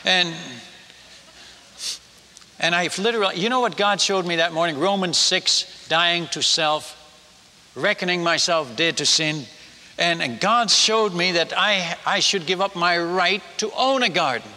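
A man preaching a storytelling sermon as a missionary, halting and self-mocking, often stumbling and repeating his words. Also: high voice, pushed and bright, long reverb tail.

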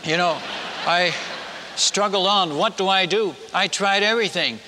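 A man's voice: high voice, measured pace. An older man, a missionary preacher, telling a story in a sermon and acting out the people he quotes. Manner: animated, acts out quoted villagers. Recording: reverberant hall.

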